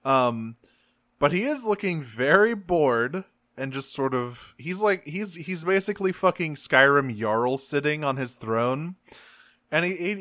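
A man co-hosting a podcast, joking and swearing as he recaps a cartoon episode, now and then slipping into quick voices for the characters. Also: medium pitch, a bit bright, no room sound, studio quality. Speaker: podcast co-host. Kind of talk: casual chat recapping a cartoon.

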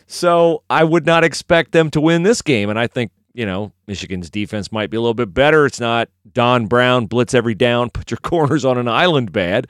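A man's voice: medium pitch, moderate pace, few pauses, no room sound, clean studio sound. A man hosting a sports podcast, talking in an opinionated, chatty way that rambles and corrects itself. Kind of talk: casual sports talk with a host-read ad.

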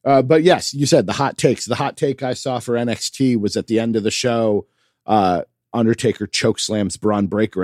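A man co-hosting a casual podcast chat, animated and quick to laugh. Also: medium pitch, no room sound, studio quality. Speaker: podcast co-host.

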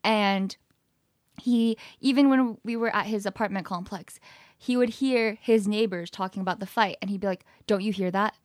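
A young woman casually recounting a personal story, acting out the quoted dialogue with lively energy. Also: mid-range voice, normal speed, dry recording, studio quality. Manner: animated, acts out quoted dialogue.

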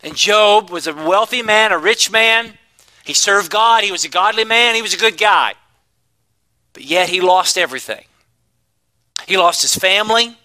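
A man preaching a sermon to his congregation, emphatic, swinging between loud declarations and hushed asides. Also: sits high, normal speed, pauses often, poor audio. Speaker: pastor.

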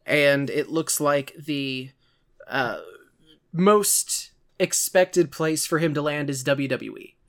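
A podcast co-host with a fairly high, slightly bright voice speaks slowly in a casual chat, rambling and drifting into lots of asides.

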